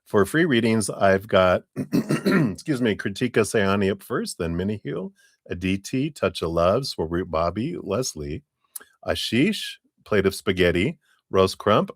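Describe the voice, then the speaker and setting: A man with a very low voice hosts a live tarot stream, chatting casually and warmly greeting viewers one by one. His sound is dry and close, with no room echo. He chuckles easily between names. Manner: friendly, greets viewers by name, chuckles often.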